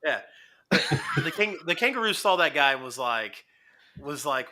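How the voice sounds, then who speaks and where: Co-host, man, cocky and profane, lively pitch, very bright tone. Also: moderate pace, pauses often. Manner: boastful, profane, animated. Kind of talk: casual chat.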